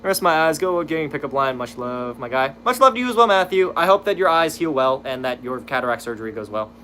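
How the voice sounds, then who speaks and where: A man's voice: on the high side, very animated, fast, sharp tone, a little hiss or hum. A young man streaming, casually chatting with viewers, reading their messages aloud and swearing freely as he laughs at his own slip-ups.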